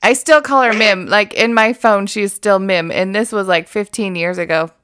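A woman's voice: mid-range voice, normal speed, fairly bright tone, clean tone. A woman in her thirties co-hosting a casual podcast chat. She laughs often, swears freely and keeps losing her train of thought. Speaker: podcast co-host.

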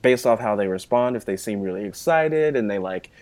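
Guy with a lowish voice, guest on a chat show, talks a lot, lots of "you know". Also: expressive, brisk, darkish tone. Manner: chatty, explains at length with many "you know" fillers. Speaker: interview guest. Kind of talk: casual conversational interview.

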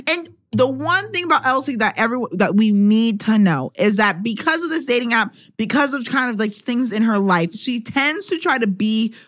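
Bright, lively high-voiced woman. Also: normal speed, few pauses. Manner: enthusiastic, quotes characters. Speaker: podcast co-host. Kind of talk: casual book chat.

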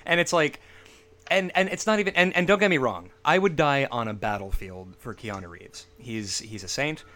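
A man co-hosting a casual podcast about old horror movies, enthusiastic and full of quick asides. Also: mid-range voice, fairly bright tone. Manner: enthusiastic, riffs with quick asides and silly quoted voices. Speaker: podcast co-host.

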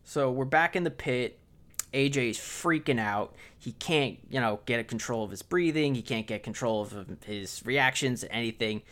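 A man in a relaxed movie-review chat, talking at an ordinary middle pitch. He recaps scenes in an animated way and drops into quick impressions of the characters, swearing freely as he goes. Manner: animated retelling, acting out lines with swearing. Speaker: podcast co-host.

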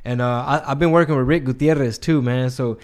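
A man's voice: medium pitch, fairly quick. A man hosting a casual interview, asking follow-up questions and telling his own stories in an easygoing way. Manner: relaxed storyteller, asks follow-up questions.

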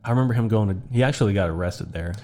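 A man's voice: lowish voice, very fast, darkish tone. A man who is a podcast guest, chatting casually and telling a story in a laid-back way, often saying "bro" and "dude".

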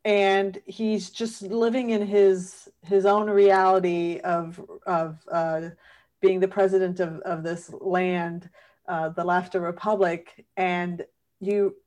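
A woman's voice: on the low side, flat delivery, slow pace, darkish tone. A woman interviewing a comedian, thinking aloud with hesitant fillers. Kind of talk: conversational interview.

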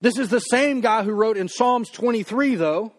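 A man with a high voice preaching a sermon in an easy, conversational way. He talks straight to the congregation and stretches his words out slowly whenever he voices a prayer. The delivery stays informal, full of restarts and asides. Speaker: pastor.

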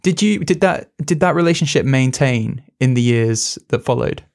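Man, interviewer, gravelly, soft murmured reactions. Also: medium pitch, lively intonation, moderate pace. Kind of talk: interview questions.

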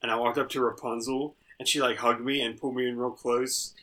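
A man's voice: mid-range voice, level tone, fairly quick, hardly any pauses, fairly bright tone. A man guest on a comedy podcast, riffing on jokes and laughing often. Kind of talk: casual comedic chat.

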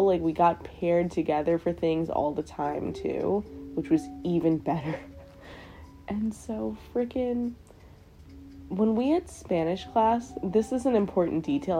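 A young woman hosting a podcast, telling her stories in a casual, animated way with frequent swearing and laughter. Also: lowish voice, noisy background. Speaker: podcast host. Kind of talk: casual storytelling.

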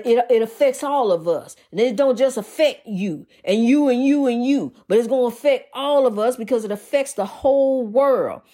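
A woman's voice: a little high, dark tone. A woman preaching an informal sermon in rhythmic, repeated refrains, folksy and calling her listeners honey.

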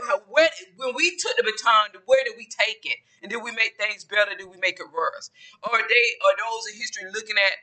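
A man's voice: high voice, sharp tone. A man talking in a casual solo vlog, rambling and often repeating phrases or restarting sentences. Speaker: podcaster and YouTuber.

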